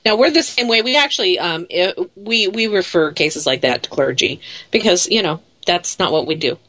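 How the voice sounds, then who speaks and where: A woman's voice: lowish voice, animated, moderate pace, a bit bright. A woman hosting a radio show, chatting in a friendly, casual way.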